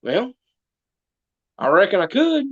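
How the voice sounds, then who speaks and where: A man's voice: high voice, sing-song, slow, muffled recording. A man telling a comedic folksy story as a guest, drawling and full of country sayings.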